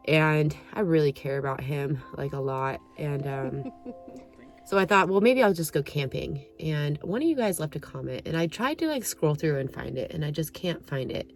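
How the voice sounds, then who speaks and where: A woman speaks straight to her viewers in a casual, heartfelt vlog, her voice low and a little out of breath. She rambles gently, filling gaps with "like" and "you know". Soft music sits faintly behind her. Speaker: vlogger.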